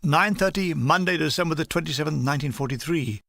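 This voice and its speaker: A woman's voice: low voice, fast, vocal fry, fairly bright tone, no echo. An older woman reading a comic war memoir aloud, with dry comic timing. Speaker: reader.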